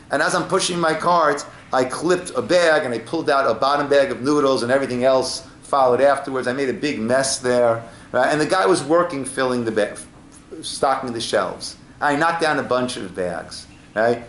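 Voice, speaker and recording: With a mid-range, slightly bright voice, a rabbi from the United States leads a casual Torah class through storytelling and frequent "right?" check-ins. Some hiss or hum sits over the echoey room's faint ambience.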